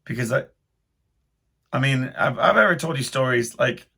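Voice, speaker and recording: A man's voice: mid-range voice, lively intonation, normal speed, gravelly, pushed and bright, slightly rough. A man hosting his own podcast, telling a rambling, self-deprecating story in casual speech full of restarts. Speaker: podcast host.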